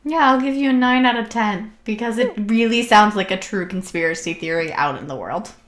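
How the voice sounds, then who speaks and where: A woman co-hosting a casual chat, easygoing and often laughing, reading a theory aloud at a steady clip. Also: mid-range voice, brisk. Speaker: podcast co-host.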